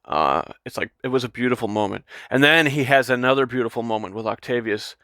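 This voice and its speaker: A man giving a casual, excited film review, rambling and repeating words as he retells scenes. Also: medium pitch, fast, no echo.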